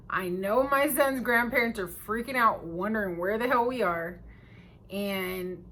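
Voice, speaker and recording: A woman telling a true story in a casual storytime vlog, animated and emphatic, her volume swinging between loud and hushed. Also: mid-range voice.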